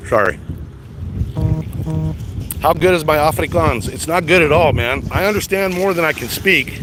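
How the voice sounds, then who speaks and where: A man's voice: fairly high pitch, brisk, music in the background. A middle-aged man from the United States hosting a casual livestream chat, rambling with stammered restarts and casual swearing. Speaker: livestream host reading chat. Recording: steady background noise.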